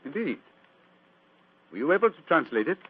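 An actor playing a sharp, cool-headed male detective in 1940s radio-drama style, with crisp, precise and dryly amused speech. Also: fairly high pitch, big pitch swings, normal speed. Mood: measured. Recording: tinny old radio broadcast.

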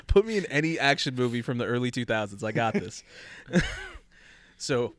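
Animated man telling a story. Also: mid-range voice, normal speed, pauses often, background noise. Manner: animated, acts out quoted voices, laughs often. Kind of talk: casual storytelling chat.

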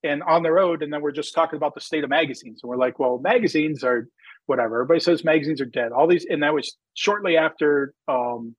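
A man's voice: fairly high pitch, fast, husky, no room sound, highs cut off. A man, a drag racer who started a magazine, telling his story in a rambling, casual interview chat full of fillers. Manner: rambling, filler-heavy, animated when quoting himself.

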